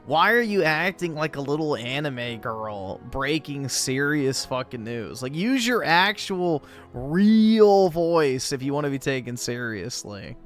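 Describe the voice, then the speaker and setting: Crude, dismissive male co-host, slow drawl. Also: a little high, very animated, faint music behind. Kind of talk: livestream commentary.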